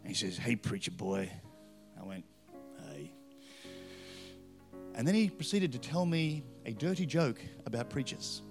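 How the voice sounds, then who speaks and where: A middle-aged man with an Australian accent preaching a story-filled sermon, swinging between loud punches and hushed asides. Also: a little high, very animated, brisk, hardly any pauses. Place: church with live band. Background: faint music from a band.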